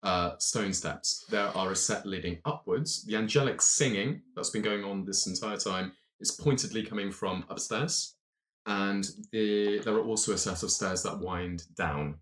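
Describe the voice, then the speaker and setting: A man's voice: fairly low pitch, moderate pace, fairly bright tone. A man narrating a tabletop game as game master, descriptive and laughing easily. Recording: roomy echo.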